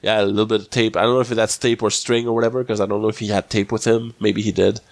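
Gravelly and lowish, with a flat delivery, this podcast host sounds a bit under the weather from a slight cold. He stumbles through a casual TV episode recap, rambling and restarting again and again, in a dry recording.

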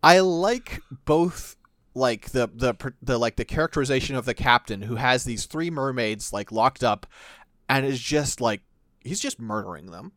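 Male co-host, mid-pitched, rambling casual talk, dry close sound. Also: normal speed, no echo. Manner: rambling, animated, with restarts. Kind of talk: casual chat about a video game.

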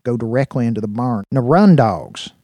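A man's voice: medium pitch, normal speed, a little mellow, no echo, close to an everyday voice. An actor playing a man who commands his cyborg dogs in a folksy, drawling way. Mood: commanding. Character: William, a rugged man leading cyborg dogs.

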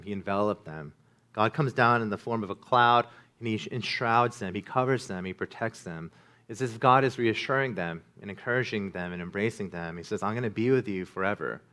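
A man preaching a sermon as pastor, earnest, swinging from loud to hushed. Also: fairly low pitch.

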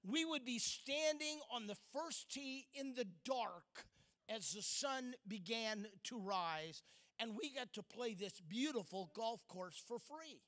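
Male speaker, middle-aged, sermon storytelling. Unhurried and bright-toned, with dramatic pauses. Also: very high voice. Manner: storytelling, dramatic pauses, swings from loud to hushed.

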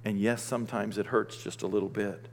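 A man preaching a sermon, animated, swinging between loud outbursts and hushed, gentle talk. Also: fairly low pitch, a little fast, big-room sound, a little hiss or hum.

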